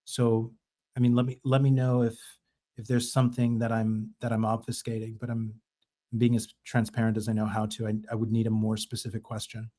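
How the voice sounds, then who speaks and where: Flat-voiced man explaining haltingly. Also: on the low side. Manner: halting, repeats words while explaining. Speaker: speaker defending his liquidity plan. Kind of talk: casual chat in an audio room.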